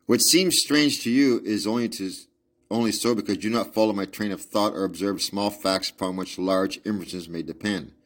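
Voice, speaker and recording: A man reading aloud as a brilliant, precise Victorian male detective, in a measured, lecturing manner. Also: fairly low pitch, close to an everyday voice. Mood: explaining. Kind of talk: audiobook reading with asides.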